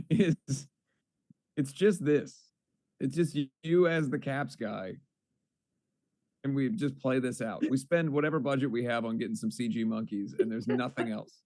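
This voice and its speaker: A man's voice: mid-range voice, steady tone, a little slow, long pauses, darkish tone. A man in his thirties hosting a casual chat, riffing with dry jokes. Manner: dry, joking riffs. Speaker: host.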